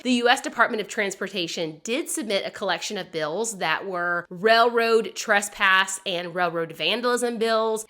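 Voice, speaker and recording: A woman with a medium-pitched, bright, forward voice hosts a history podcast, recounting odd stories in a chatty, amused manner. She laughs between her points as she tells these casual history tales.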